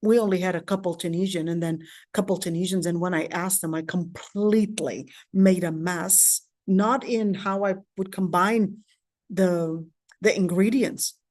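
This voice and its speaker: A woman's voice: on the low side, a little mellow, no echo, studio quality. Chatty woman lecturer telling stories. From Palestine. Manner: chatty, storytelling, frequent restarts and asides. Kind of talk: casual lecture with personal anecdotes.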